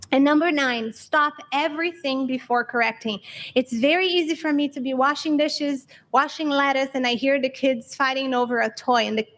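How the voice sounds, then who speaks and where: High-voiced woman giving practical church talk. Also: a bit bright. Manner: earnest, practical, acts out talks with her children; explains with examples and rhetorical questions. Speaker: church speaker giving parenting advice.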